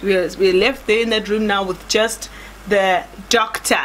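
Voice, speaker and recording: A young woman from South Africa telling a dramatic story in a chatty, animated way, often calling her viewers "guys". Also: mid-range voice, normal speed, slight background noise. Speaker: vlogger. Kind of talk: storytime vlog.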